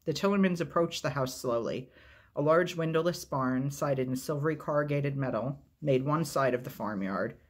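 A man reads a novel aloud as a storyteller, in a steady, measured, unhurried way. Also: medium pitch.

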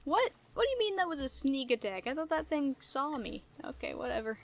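A woman giving casual gameplay commentary, playful and easily startled, laughing often and yelling at enemies. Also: high voice, very animated, a little fast, gravelly. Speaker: gaming video creator.

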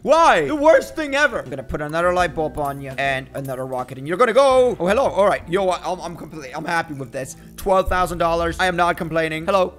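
A young man doing excitable let's-play commentary, talking to the fish and to his viewers. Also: on the high side, fast, few pauses, soft background music. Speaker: gaming video host.

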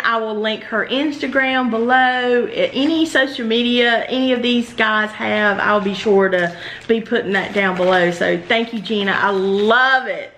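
A woman with a Southern US accent opens a package at a table and gushes over each item, talking slowly and excitedly. Her voice sits a little high. The room is echoey, with a faint hiss behind her. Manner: gushing, excitable, slow-spoken. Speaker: YouTuber opening fan mail. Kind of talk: casual unboxing vlog. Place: indoors at a table.

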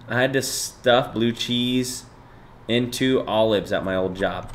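A young man streaming from home, chatting loosely and swearing casually with his viewers. His voice sits on the low side, and faint background noise runs under the desk-mic sound. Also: moderate pace. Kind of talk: casual livestream chat reading out chat.

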